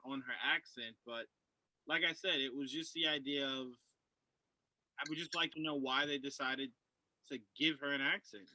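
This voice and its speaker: A man's voice: medium pitch, bright, forceful tone, no room sound, poor audio. A man co-hosting a casual podcast film review, enthusiastic and repeating himself as he talks.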